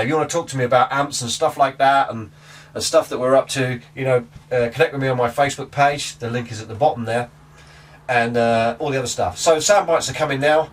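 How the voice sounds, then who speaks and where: Aussie guy rambling about amp gear, chatty, sounds a bit far from the mic. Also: medium pitch. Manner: rambling, chatty, self-interrupting. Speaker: guitar gear vlogger. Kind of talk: casual chat to camera. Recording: distant from the mic.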